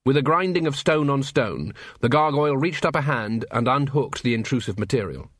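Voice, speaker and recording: An audiobook narrator reads scripted material in an even, measured storytelling style. His voice sits in the mid-range, and the recording is dry and of studio quality.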